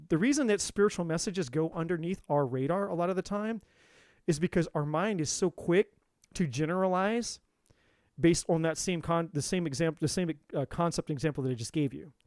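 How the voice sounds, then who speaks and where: A man with a slightly high voice tells a heated story on a live tarot stream. He swears freely and circles back over the same phrases as he builds his point. The sound is close and dry. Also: a little mellow, no room sound. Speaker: tarot reader. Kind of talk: live-stream spiritual talk.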